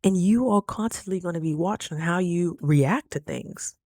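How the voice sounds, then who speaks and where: A woman's voice: fairly low pitch, normal speed, warm tone, no echo, clean studio sound. A woman telling a story to her viewers in a casual, chatty vlog and calling them "girl.". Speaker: vlogger.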